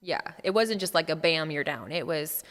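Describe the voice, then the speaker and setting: A woman's voice: deep voice, animated, moderate pace, fairly bright tone. Laughing woman telling a story. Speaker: podcast co-host. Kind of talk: casual storytelling chat. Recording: long reverb.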